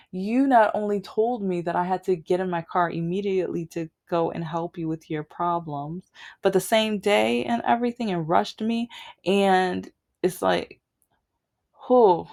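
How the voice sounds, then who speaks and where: A woman's voice: on the low side, a little mellow. Rambling woman vlogger telling a grievance. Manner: rambling, aggrieved storytelling with many restarts. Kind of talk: casual storytime rant.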